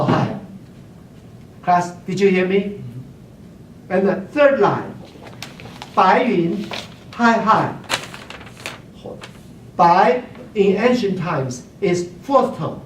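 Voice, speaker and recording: A man's voice: high voice, lively intonation, takes it slowly, long pauses, far from the mic, a little hiss or hum. A man teaching classical Chinese poetry to a class, keeps checking that the students follow, and hums examples. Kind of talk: classroom lecture. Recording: roomy classroom recorded from afar.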